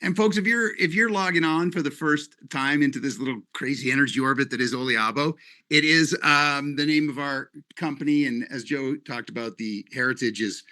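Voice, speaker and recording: Bright-voiced rambling company leader, a man. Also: mid-range voice. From Canada. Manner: rambling, animated and joking. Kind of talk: live webinar presentation.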